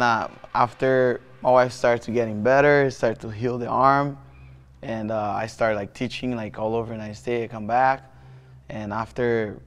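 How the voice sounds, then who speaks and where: In an interview, a Brazilian jiu-jitsu athlete in his thirties recounts something from his own life, his Portuguese accent clear in his mid-range voice. The telling is halting, full of restarts and filler words.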